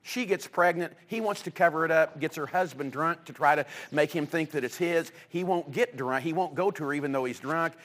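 A man delivers a sermon, his voice sitting a little higher than most men's. He tells the stories with energy and acts out the voices of the people in them. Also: fairly quick, few pauses. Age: adult with children. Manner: animated storytelling, acting out quoted voices. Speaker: pastor.

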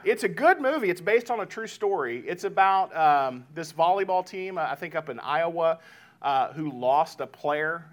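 A man in his thirties preaching a sermon, talking plainly to the congregation and retelling a chat with his young children. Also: on the high side. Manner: conversational, addresses congregation as "guys"; retells family talk with lively voiced asides. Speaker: pastor.

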